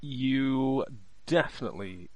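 A man narrates as game master at a tabletop session. His pitch rises and falls expressively as he sets the scene. He delivers it all with a dry, teasing wit. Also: lively intonation, no room sound. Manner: wry, unhurried.

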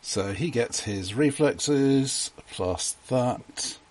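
A man's voice: mid-range voice, expressive, very slow, crowd noise. A man running a tabletop role-playing game as game master, amused and explaining rules with stammered restarts.

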